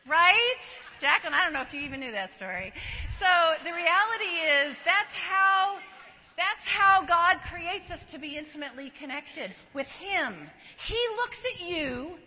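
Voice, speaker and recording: A middle-aged woman giving an animated, chatty church teaching talk and laughing often. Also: very high voice, normal speed, slight background noise. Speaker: women's ministry speaker. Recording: echoey hall, dull lo-fi recording.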